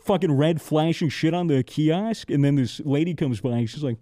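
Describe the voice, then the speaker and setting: A young man from the United States hosting a podcast, telling a story in a profane, animated way and acting out the exchanges. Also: a little high, moderate pace, no room sound, studio quality. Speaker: podcast host. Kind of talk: casual storytelling chat.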